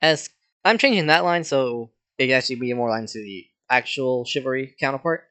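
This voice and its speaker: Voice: medium pitch, fairly quick, pushed and bright. A performer narrating a fan roleplay reading, making casual, joking asides.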